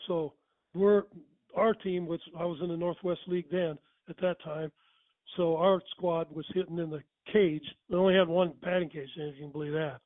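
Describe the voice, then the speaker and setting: A man's voice: a little high, fairly even intonation, moderate pace, dry recording. An older man telling a baseball anecdote in a casual, rambling, folksy way, often restarting his sentences. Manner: rambling, folksy, starts over mid-sentence. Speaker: guest storyteller. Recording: tinny phone-like dry sound.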